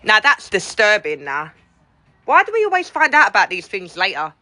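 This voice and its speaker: A middle-aged livestream host talks casually to her viewers outdoors, gossiping and greeting them by name over a phone microphone. Her mid-range voice swoops wildly in pitch, moving at a moderate pace with a bright, forceful tone.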